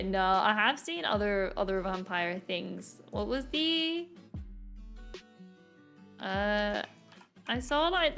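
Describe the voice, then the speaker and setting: A woman's voice: on the high side, bright, forceful tone. A woman streamer chatting casually while she draws, rambling and laughing often. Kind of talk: casual chat while drawing. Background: faint background music.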